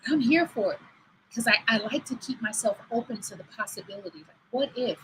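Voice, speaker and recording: This livestream host, a woman past forty, speaks fairly quickly in an expressive, fairly bright voice on the high side. She tells chatty stories and acts out quoted dialogue. Her computer mic picks up a little hiss or hum, and the audio is poor.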